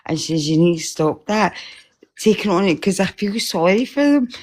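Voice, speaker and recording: A woman talking in a casual, rambling way about a spiritual encounter, emotional and quick to laugh. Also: mid-range voice, expressive, a little mellow. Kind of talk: casual chat.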